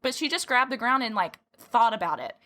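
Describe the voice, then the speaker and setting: A woman's voice: fairly high pitch, sing-song, fairly quick, sharp tone. A woman hosting a horse-training podcast, chatting casually, giggling often and acting out her own reactions. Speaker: podcast host.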